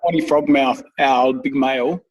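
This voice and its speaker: A man's voice: medium pitch, fairly even intonation, moderate pace, far from the mic, low-quality recording. A man in his thirties, co-hosting a podcast, who rambles through casual stories and swears freely. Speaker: podcast co-host. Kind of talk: casual chat.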